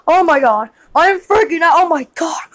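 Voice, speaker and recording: A woman voicing a hyper, excitable young cartoon girl who squeals and gushes like an overjoyed fan. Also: very high-pitched, moderate pace, poor audio. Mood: shocked. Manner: squealing, shrieking, gushing fan.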